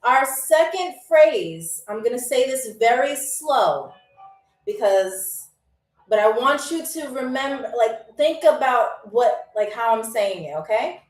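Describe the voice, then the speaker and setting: She's an upbeat game host with a high voice, talking slowly but with lively intonation as she reads viewer comments on a live stream. Chatty and encouraging, she keeps checking in with "okay?" and "all right?", heard from a distance in a roomy space with faint music.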